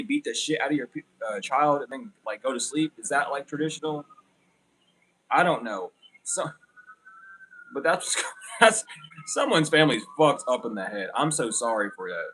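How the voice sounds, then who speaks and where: A man's voice: a little high, a bit bright. A young man giving a casual tarot reading, rambling and blunt with plenty of swearing. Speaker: tarot reader.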